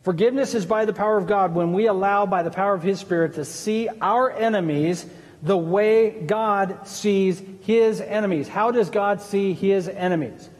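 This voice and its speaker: High-voiced man preaching in a reverberant hall. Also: normal speed. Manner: earnest, conversational preaching with asides. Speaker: pastor. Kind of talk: sermon.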